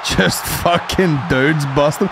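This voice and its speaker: Man, podcast co-host, gravelly, noisy recording. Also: fairly high pitch, takes it slowly. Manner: loud, laughing, crude banter with mock voices. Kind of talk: casual podcast chat.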